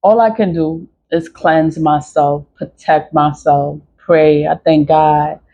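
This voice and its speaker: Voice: mid-range voice, steady tone, slow pace, warm tone, highs cut off. A vlogger, talking in a rambling, repetitive, casual monologue full of "like", swearing and little laughs. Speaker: vlogger selling spiritual cleansing products. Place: home in the South Bronx, street sirens outside. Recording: faint street noise with sirens. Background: faint city street noise and sirens.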